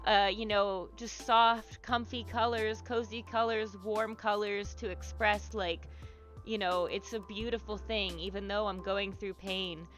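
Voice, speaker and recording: Young woman, livestream host, bright voice, rambling casual chat, encouraging, swears now and then. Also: mid-range voice, fairly even intonation, measured pace, soft background music. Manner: chatty and rambling, many fillers and restarts, swears casually; warm and encouraging to viewers. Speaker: livestream host leading an art therapy exercise.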